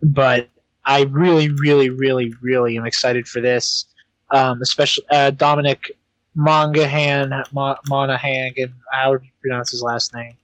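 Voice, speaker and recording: A young man co-hosts a podcast in casual chat, hesitating often with plenty of ums and restarts. His medium-pitched voice has fairly even intonation and a normal speed, and the rough recording has no echo.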